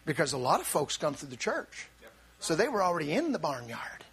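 High, lively male preacher. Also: a little fast. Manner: animated preaching with repeated restarts and occasional shouts. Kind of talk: sermon.

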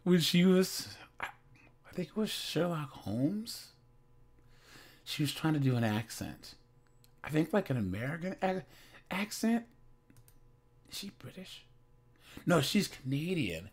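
Slow, rambling man talking to his viewers. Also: on the high side, sing-song, slightly rough. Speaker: reaction commentator. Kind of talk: casual rambling commentary.

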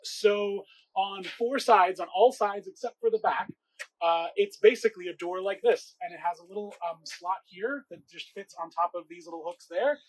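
A man with a high, slightly husky voice co-hosts a homemade gardening vlog. He explains his build casually and pokes fun at himself along the way. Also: moderate pace, rough recording. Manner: chatty, self-mocking, jokey. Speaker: co-host.

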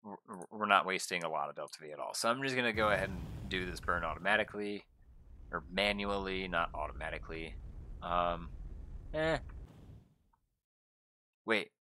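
Excitable young man gaming on stream. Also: low voice, normal speed, long pauses, a little hiss or hum. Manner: excitable, gushing, talks to viewers. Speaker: gaming YouTuber. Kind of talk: casual gameplay commentary.

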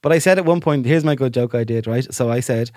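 An Irish man, a comedian co-hosting a podcast, telling stories quickly and with animation, swearing and laughing in casual chat. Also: medium pitch, warm tone, no room sound, clean studio sound.

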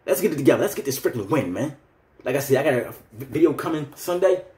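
A fired-up man in his thirties goes on a heated fan rant, loose and slangy. His Philly is clear, and his mid-pitched voice rings in an echoey room. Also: expressive, fast, dark tone. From Philadelphia. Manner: heated, ranting, street slang. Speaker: vlogger.

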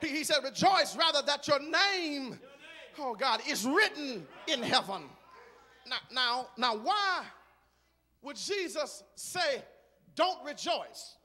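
A man preaching a sermon in a large church, moving from quiet talk to shouted, rhythmic preaching. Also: extremely high pitch, very animated, slow pace, long reverb tail. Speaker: guest preacher.

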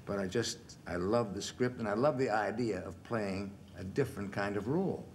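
Animated older man telling anecdotes. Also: lowish voice, moderate pace. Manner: animated storyteller, acts out quotes, chuckles. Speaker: film actor, interview guest. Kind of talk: relaxed anecdotal storytelling. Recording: faint background noise, 1970s television interview.

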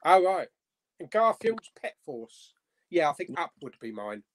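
A man chats as a guest on a relaxed live stream, his voice sitting a little high and swinging a lot in pitch. He is lively and often reads out comments from viewers. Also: measured pace. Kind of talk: casual live-stream chat.

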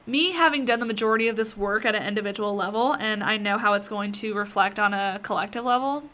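Bright, chatty woman podcast host. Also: a little high. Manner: chatty, filler-heavy, addresses listeners directly. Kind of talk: casual spiritual podcast monologue.

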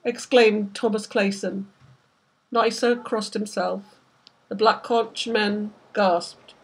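Husky-voiced woman reading a novel. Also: mid-range voice, fairly even intonation, slow. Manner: vivid, dramatic storytelling. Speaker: author reading her novel. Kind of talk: literary reading.

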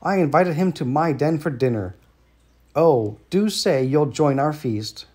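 A man's voice: medium pitch, lively intonation, moderate pace, a little mellow, natural voice. A man voicing a sly purring American storybook fox. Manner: sly, purring, falsely kind. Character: sly smirking male fox, smooth-talking schemer. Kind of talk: storybook read-aloud.

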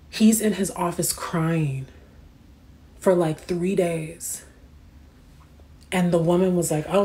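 A woman hosts a casual livestream with a slightly low voice. She talks in slangy, animated bursts and breaks off to answer chat comments. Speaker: livestream host.

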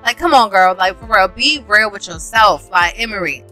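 A woman's voice: medium pitch, animated, moderate pace, pushed and bright, faint music behind. A woman narrating a life-sim game video in a sassy, dramatic way, full of slang. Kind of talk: casual gameplay commentary.

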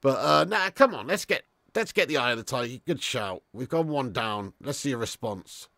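With lively intonation and a creaky voice, a man hosts a live football watch-along at a moderate pace. He curses without restraint, moves between loud outbursts and low mumbles, and reads out messages from viewers. The studio-quality recording has no echo.

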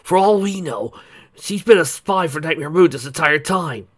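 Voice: mid-range voice, animated, normal speed, voice pushed up, close to an everyday voice. A reader voicing a proud, defensive young male pegasus who talks bluntly. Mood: suspicious.

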